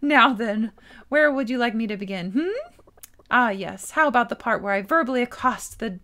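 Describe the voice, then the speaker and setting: A woman's voice: on the high side, lively intonation, normal speed, pushed and bright. A woman voicing a boastful older man who tells his adventures in a grand, theatrical way, reading video game dialogue aloud. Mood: delighted.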